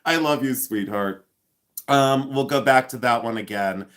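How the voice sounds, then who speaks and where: A man's voice: mid-range voice, a little slow, fairly bright tone. A man hosting a casual live stream, chatty and rambling, laughing often and joking with sarcasm. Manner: sarcastic humor.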